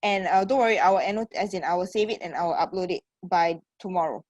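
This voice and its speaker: A woman's voice: on the low side, fast, darkish tone, no room sound. A woman with a Singaporean accent teaching an online English class on a computer mic. She encourages her students, calls them sweetheart, and keeps checking in with "okay" and "right?".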